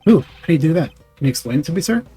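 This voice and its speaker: A man voicing an eager, bumbling male police detective in a video game, pleading and excitable. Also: on the high side, rapid-fire, husky, soft background music, voice pushed up.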